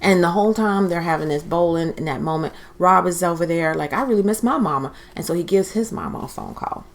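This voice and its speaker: A woman with a fairly low voice recapping a reality show in a loose, conversational way. She is chatty and opinionated, and she slips into voices when she quotes people. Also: steady tone, brisk. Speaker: TV recap host.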